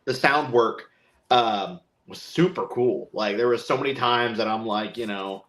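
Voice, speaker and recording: A man chatting casually on a podcast, rambling and animated, acting out quotes as he talks. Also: medium pitch, a little slow. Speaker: podcast co-host. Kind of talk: casual chat.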